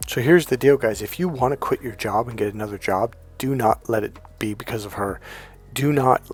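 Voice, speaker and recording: A man's voice: mid-range voice, a little fast, husky, faint music behind. A middle-aged man coaching on dating, giving blunt, profane advice mixed with stories. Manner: profane, emphatic, storytelling. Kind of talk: blunt advice monologue with anecdotes.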